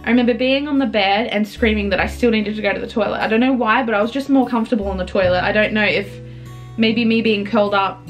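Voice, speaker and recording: A young woman, telling a personal story in an earnest, halting way, with restarts. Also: mid-range voice, fairly even intonation, faint music behind.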